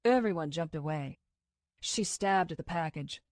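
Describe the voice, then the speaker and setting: Here a woman narrates an audiobook from a script, keeping her storytelling steady and even. She speaks at a moderate pace in a lowish voice, and the studio recording is clean, with no echo.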